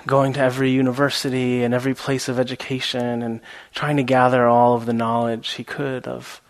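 Give me a man leading a meditation talk, gravelly and easygoing. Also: mid-range voice, brisk. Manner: relaxed, rambling, many fillers; laughs at his own story. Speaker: meditation teacher. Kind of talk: dharma talk with storytelling.

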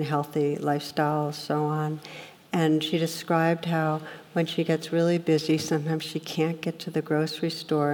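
A woman with a low, grounded voice gives a dharma talk to a group. She is earnest and reflective, and she illustrates points with everyday stories. Her words ring out with a long reverb, as if recorded in a hall. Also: mellow. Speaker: meditation teacher.

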